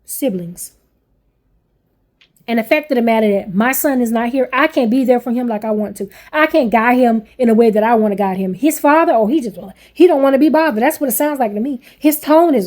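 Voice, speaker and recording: Angry, high-voiced woman venting bluntly. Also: brisk, a little mellow. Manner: blunt, heavy swearing, repeats herself. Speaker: parent vlogger.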